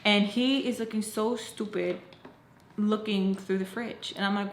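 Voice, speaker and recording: A young woman casually telling a storytime, acting out what people said with big jumps in pitch and saying "like" often. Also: measured pace. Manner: animated, acts out quotes with jumps in pitch, frequent "like". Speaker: storytime vlogger. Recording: roomy echo, faint background noise.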